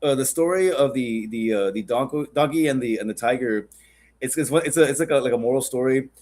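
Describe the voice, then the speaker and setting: A man's voice: mid-range voice, fairly quick, darkish tone. A man hosting a podcast, chatting casually in a rambling, joking and profane way. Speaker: podcast host.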